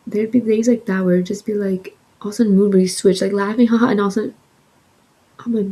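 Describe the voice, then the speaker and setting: A young woman vlogger telling a casual story with animated, swearing delivery, sometimes slipping into a soft breath. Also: medium pitch, quick pace, husky, low-quality recording. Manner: animated, swears freely, acts out quotes.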